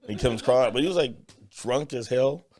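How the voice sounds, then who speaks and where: A man tells a story on a podcast, slipping into quoted voices along the way. His voice is gravelly, with a rough fry at the bottom of his words. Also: mid-range voice, brisk. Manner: animated storyteller, acts out quotes. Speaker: podcast co-host. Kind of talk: casual chat.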